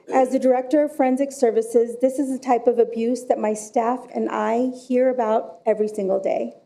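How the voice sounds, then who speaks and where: Bright-voiced woman reading a prepared story. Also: a little high. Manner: slow, measured storytelling delivery. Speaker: director of forensic services. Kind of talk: prepared public comment at council meeting.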